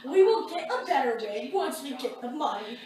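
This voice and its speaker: A woman's voice: sits high, expressive, moderate pace, mellow, heavy reverb, far from the mic. A young woman chatting casually and giggling constantly while she and a friend film a cosplay skit. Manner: giggly, keeps breaking into laughter. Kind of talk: casual chat between takes.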